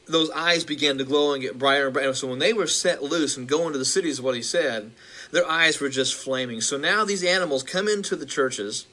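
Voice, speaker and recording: A male preacher recounting a vision, halting with restarts and building in intensity. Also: a little high, pushed and bright.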